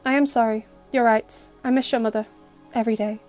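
A stern, reserved middle-aged father in a storybook reading, clipped and formal, his words kept low and quiet, as a woman reads him. The voice sits fairly high and soft music plays faintly underneath. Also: flat delivery, brisk, lightly acted. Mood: formal, subdued.

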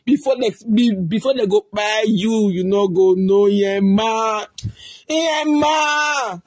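A talk show host with a Nigerian accent, loudly mocking and commenting in Pidgin, theatrical and teasing. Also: medium pitch, fairly even intonation, measured pace, no echo.

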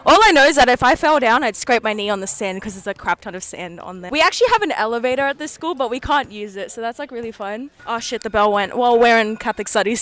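Holding her phone as she wanders the school grounds outside, an Australian teen student makes a casual vlog full of giggles, rambling and self-mockery. Her voice is fairly high and bright in tone.

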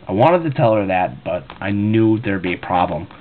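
A man's voice: sits low, expressive, normal speed, narrow, tinny audio, slight background noise. A man, a cashier, casually telling a rambling story with profane, laughing asides.

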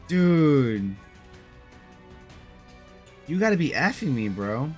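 Young man, casual gaming commentary, slangy, annoyed rant, average pitch, soft background music. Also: lively intonation, normal speed. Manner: frustrated, slangy, says bro and dude a lot. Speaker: mobile game YouTuber.

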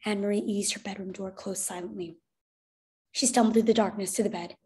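A woman, a teacher, narrating a children's novel aloud in an expressive, clear way. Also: medium pitch, a little fast. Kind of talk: storybook read-aloud narration.

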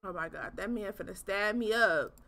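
A young woman streaming a horror game, talking in an animated way straight to her viewers and swearing often. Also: mid-range voice, moderate pace, creaky, background noise. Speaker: gaming streamer. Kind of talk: casual let's-play commentary.

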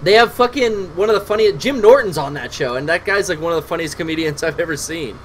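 High-voiced man chatting on a game stream. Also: quick pace, a little hiss or hum, rough recording. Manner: loose, profane, talks to chat while playing. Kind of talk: casual gameplay stream chat.

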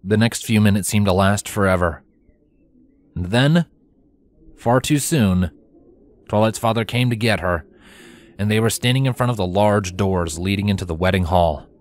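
A man reading fanfiction aloud in steady storytelling narration. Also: fairly low pitch, normal speed, long pauses. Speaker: fanfiction reader. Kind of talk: scripted narration.

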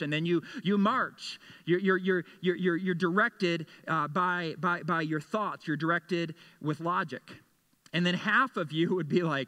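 A pastor preaching in church, his voice bright and a little higher than most men's. He presses his points earnestly, stumbling over repeated words, then softens to a hushed, low tone when he comforts his listeners. It is a man's sermon delivery throughout. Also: normal speed. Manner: drops to a soft, low voice for comfort. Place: church sanctuary.

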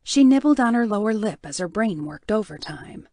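This is scripted audiobook narration by a woman with a medium pitch, delivered in a calm, even storytelling manner. It's a dry recording with clean studio sound.

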